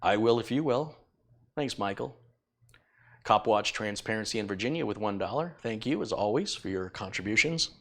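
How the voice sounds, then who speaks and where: A man's voice: fairly low pitch, lively intonation, normal speed. A middle-aged man chatting casually on a live tech stream, rambling and self-deprecating as he thanks viewers. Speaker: tech YouTuber reading donations.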